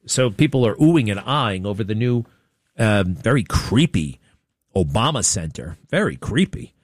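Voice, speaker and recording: Sarcastic, low-voiced talk show host man. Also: animated, normal speed, no echo, clean studio sound. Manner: sarcastic, mocking, rambling. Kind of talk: opinionated talk radio monologue.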